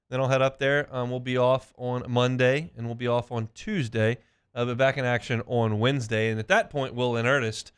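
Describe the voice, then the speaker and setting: A middle-aged man hosting a sports talk radio show, briskly reeling off stats in a studio. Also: mid-range voice, fairly bright tone, clean tone. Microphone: studio mic.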